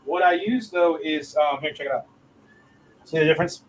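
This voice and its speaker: A man's voice: a little high, moderate pace, a little hiss or hum, low-quality recording. A man with a Southern US accent co-hosting a livestream in casual chat, loose and jokey, swearing freely and calling everyone dude.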